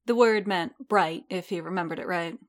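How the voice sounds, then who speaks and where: A woman reading a story aloud in a measured, steady narrating manner. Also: on the low side.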